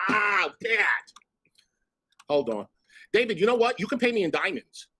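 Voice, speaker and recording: A man's voice: high voice, very animated, measured pace, sharp tone, husky. A man streaming live, telling brash, profane stories and chasing donation goals. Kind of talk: casual stream chat.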